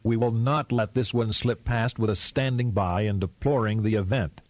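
A man's voice: lowish voice, fairly even intonation, normal speed, no echo, natural voice. A man reading a coldly furious president. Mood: cold fury. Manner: quiet, clipped, menacing. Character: furious, grimly calm male president.

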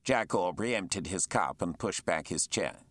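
Low, lively male audiobook narrator. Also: moderate pace, no echo. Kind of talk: scripted narration.

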